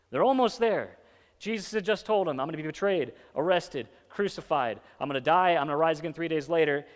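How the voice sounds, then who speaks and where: A pastor's slightly high voice rings out with long reverb in a church hall as he gives a casual, chatty sermon. He often asks his listeners "right?" or "okay?" and slips into quick impressions of the disciples speaking.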